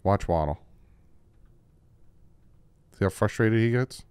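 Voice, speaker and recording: A man hosting a casual football film breakdown at a desk microphone, emphatic and repetitive, his voice jumping up when he gets excited. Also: sits low, unhurried, pauses often, clean tone, no echo. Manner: emphatic, repeats points, voice jumps when excited. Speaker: football film-study host.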